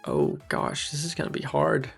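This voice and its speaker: Young male streamer, raised pitch, gravelly, upbeat self-amused play-by-play, faint game music underneath. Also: big pitch swings, normal speed. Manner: chatty, upbeat, self-amused, thinks aloud. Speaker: gaming streamer. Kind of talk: casual let's-play commentary.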